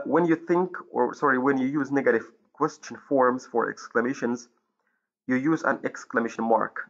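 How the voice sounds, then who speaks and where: A man from Morocco teaching an English grammar lesson, pausing often with fillers and correcting himself, in a dull lo-fi recording. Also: medium pitch, creaky, a bit bright. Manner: hesitant, many fillers and self-corrections.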